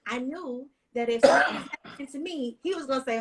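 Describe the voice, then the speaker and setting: A woman on a discussion panel telling a heartfelt personal story with animated, emotional delivery. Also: high-pitched, brisk, hardly any pauses, breathy edge, rough recording.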